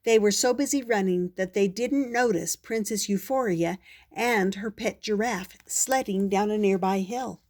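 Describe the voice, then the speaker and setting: Slow-reading older grandmother. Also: mid-range voice. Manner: slow, gentle storybook reading. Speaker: storyteller grandmother. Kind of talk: reading a children's book aloud.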